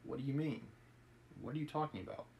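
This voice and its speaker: A man's voice: mid-range voice, fast talker, creaky, a little mellow, a little hiss or hum, pitched above the performer's own voice, natural voice, poor audio. A man reading aloud as a pompous, self-righteous male official. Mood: indignant. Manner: pompous, indignant. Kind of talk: reading a novel aloud on a live stream.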